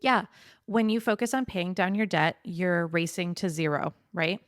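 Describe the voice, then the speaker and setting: A woman's voice: lowish voice, no echo, clean studio sound. A woman money coach chatting as a podcast guest, emphatic and direct, often speeding up when she mimics other people. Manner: emphatic, quick bursts when quoting others. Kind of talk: casual interview chat.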